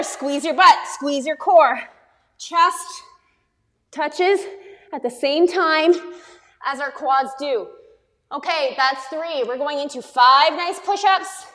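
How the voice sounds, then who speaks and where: High-voiced, upbeat woman fitness coach. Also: slow, a bit bright, big-room sound. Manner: upbeat, encouraging, counting reps aloud. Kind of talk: workout instruction.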